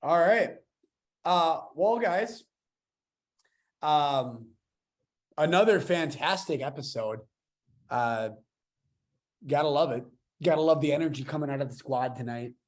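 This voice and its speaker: A man's voice: on the high side, lively intonation, measured pace, long pauses. Enthusiastic young man hosting a podcast. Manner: enthusiastic, rambling with restarts. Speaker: podcast host. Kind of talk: casual podcast chat.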